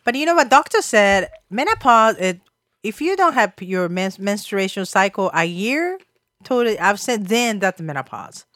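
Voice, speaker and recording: Woman, 30s, podcast co-host, casual chat, lively pitch, bright tone, dry sound. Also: normal speed, dry recording. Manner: animated, blunt, laughs often.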